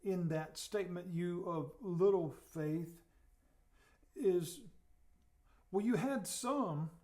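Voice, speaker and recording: A man's voice: sits high, slow. A man teaching as a pastor, earnest, often repeating himself and dropping his voice for emphasis. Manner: earnest, repeats words, drops to soft emphasis. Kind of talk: sermon teaching.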